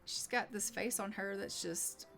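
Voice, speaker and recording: A woman's voice: medium pitch, unhurried, vocal fry, fairly bright tone. A woman hosting casual gameplay commentary, chatty and full of fillers like "like" and "um". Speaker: gaming channel host. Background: faint game music.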